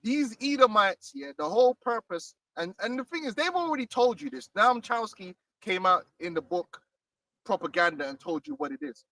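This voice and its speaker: Man, high bright voice, fiery street preaching, dry distant sound, outdoors. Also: sing-song, normal speed. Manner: fiery, emphatic, repeats "man".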